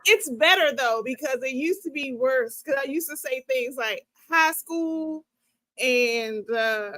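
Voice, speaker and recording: A woman guest with an East Coast American accent, playful and quick to jump in with her point. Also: sits high, fairly bright tone, no room sound. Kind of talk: casual chat.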